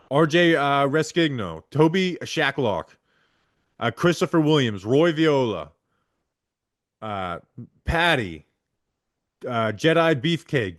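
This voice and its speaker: Man, podcast host, reading names, mid pitch, dry close sound. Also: fairly bright tone, no room sound. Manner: rapid list-reading with stumbles over names. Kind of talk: reading supporter names aloud.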